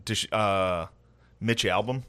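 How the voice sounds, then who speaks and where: A man co-hosting in casual chat, quick and joking with profanity. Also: fairly low pitch, sharp tone, clear, resonant tone. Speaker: podcast co-host.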